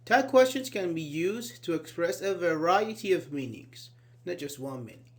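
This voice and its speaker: A man's voice: on the high side, expressive. Man teaching a live grammar class. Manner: explains slowly, asks students questions, repeats key words; fillers like "actually" and "uh-huh". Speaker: English teacher.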